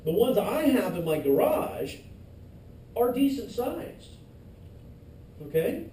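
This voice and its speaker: A man's voice: extremely high pitch, sing-song, takes it slowly, mellow. A male instructor giving a classroom lecture, loose and joking with his students. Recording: echoey classroom from far off, faint noise.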